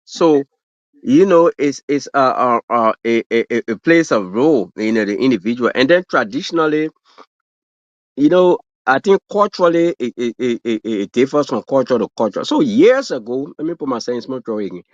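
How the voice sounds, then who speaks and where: Brief: African-accented man, casual guest, rambly, filler-heavy, mid pitch, dull dry stream sound. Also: expressive, normal speed, no echo. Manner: rambling, full of fillers and restarts, laughs at his own stories. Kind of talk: casual livestream chat.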